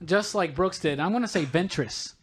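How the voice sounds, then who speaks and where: A man co-hosting a casual podcast chat, an excited fan who keeps calling things badass. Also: sits high, moderate pace, breathy edge. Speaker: podcast co-host.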